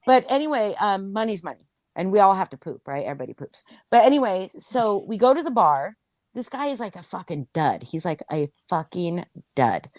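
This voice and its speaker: Woman, casual chat, crude anecdote, animated, lots of fillers, mid pitch, dry sound. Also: fairly quick, no room sound. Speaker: storyteller.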